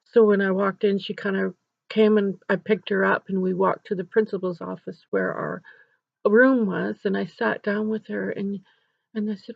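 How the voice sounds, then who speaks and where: A woman's voice: mid-range voice, little pitch movement, normal speed, gravelly, dry recording. A woman counselor earnestly telling a story about helping a grieving child, in an instructional video. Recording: dull, dry recording.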